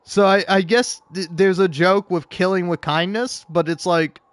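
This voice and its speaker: A man's voice: high-pitched, steady tone, moderate pace, dry recording. A young man casually riffing as an online commentator, rambling and stammering with frequent laughs.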